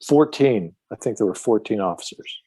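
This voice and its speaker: A man's voice: on the low side, animated, moderate pace, mellow, husky, no room sound. Man rambling thru wild stories on a podcast, swears a lot, restarts, dry close sound. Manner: profane, rambling, with many restarts. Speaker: podcast guest. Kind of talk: casual storytelling chat.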